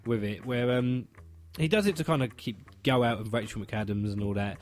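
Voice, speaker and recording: A man's voice: medium pitch, fairly quick. A man co-hosting a casual chat and playfully acting out emotional film scenes. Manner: animated, mock-sobbing when acting out scenes. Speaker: co-host.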